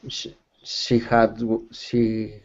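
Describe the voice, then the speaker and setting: A man answering as a student in an online English class, halting and unsure. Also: on the low side, monotone, vocal fry, highs cut off. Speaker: language student.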